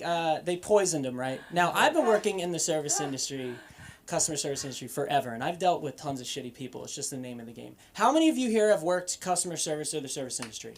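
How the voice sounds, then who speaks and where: A young man from Boston doing an open-mic stand-up set, animated and profane, swinging between loud punchlines and muttered asides. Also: on the high side, quick pace. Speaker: stand-up comedian. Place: comedy club stage.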